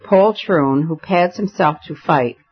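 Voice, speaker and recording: An enraged colonel splutters with barely held fury, as a male narrator puts him on. The voice sits high for a man. The audiobook recording is dull and lo-fi. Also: unhurried, breathy edge. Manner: spluttering with rage.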